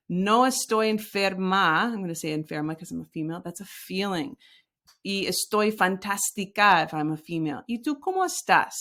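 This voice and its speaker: A woman's voice: lowish voice, a bit bright. A woman teaching a recorded lesson, explaining step by step and modeling example sentences aloud. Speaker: Spanish teacher.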